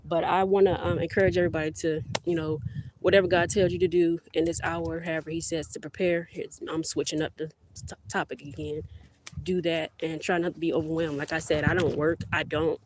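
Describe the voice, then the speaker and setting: A middle-aged woman chats on a live stream from her garden yard, holding the phone close. Her talk rambles, warm and informal, addressing viewers directly. A faint hiss of noise sits under her voice. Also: low-pitched, little pitch movement, a little fast. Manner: chatty, rambling, talks to viewers as y'all. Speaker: livestream host. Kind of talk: casual live-stream chat. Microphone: phone held close.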